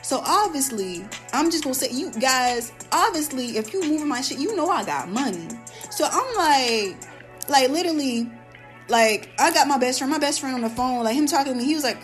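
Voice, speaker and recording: A young woman hosting a podcast, telling a story in a casual, animated, profane way and acting out quoted lines. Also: high voice, fairly quick, soft background music. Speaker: podcast host.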